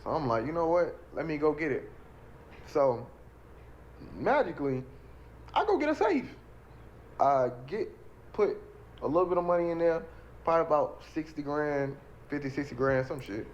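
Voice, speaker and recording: A man's voice: fairly high pitch, normal speed, long pauses, lo-fi sound, a little hiss or hum. A man telling his own story in casual talk, acting out what others said and repeating lines for emphasis. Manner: animated, acts out quoted voices, repeats phrases for emphasis.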